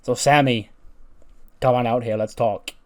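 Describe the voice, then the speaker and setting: A man's voice: mid-range voice, fairly even intonation, measured pace, darkish tone, natural voice. A man voicing a passionate male pro wrestler who gives his best friend a rousing pep talk in a game storyline. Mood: earnest. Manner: emphatic, rousing speech.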